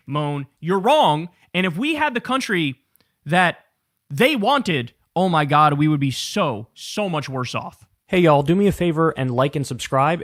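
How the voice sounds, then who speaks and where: A man hosting a political talk show, giving animated, profane commentary and mocking the people he talks about. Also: fairly high pitch, no echo, clean studio sound. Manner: profane, mocking and animated, laughing at his targets.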